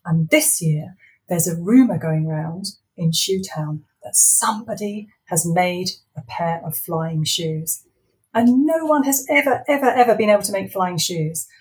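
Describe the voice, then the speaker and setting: Lively woman author reading her story. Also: fairly low pitch, measured pace, low-quality recording. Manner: animated storyteller, chatty with fillers. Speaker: children's author.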